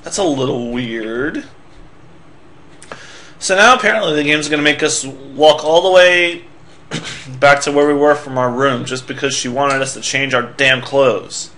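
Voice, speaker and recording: A man's voice: medium pitch, measured pace, bright, forceful tone. A young man giving sarcastic, swearing commentary while playing a video game. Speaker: let's player.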